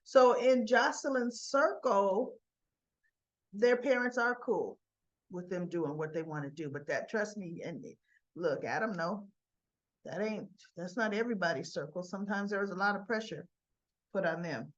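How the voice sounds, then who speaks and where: A woman's voice: mid-range voice, moderate pace, dull audio. A woman giving a casual, chatty recap of soap opera scenes, slipping in asides and quoted dialogue.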